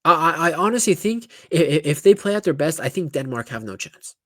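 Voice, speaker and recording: A man's voice: a little high, sing-song, fairly quick, fairly bright tone, no room sound, clean studio sound. A man giving casual, opinionated football analysis, talking bluntly with lots of restarts and asides. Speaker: football pundit YouTuber.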